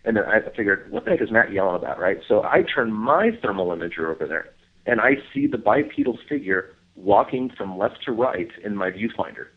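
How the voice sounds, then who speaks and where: A man's voice: brisk, breathy edge. Man telling a story over a phone line. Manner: animated storyteller, acts out others' lines in high voice. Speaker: guest, Bigfoot researcher. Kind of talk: casual phone interview storytelling.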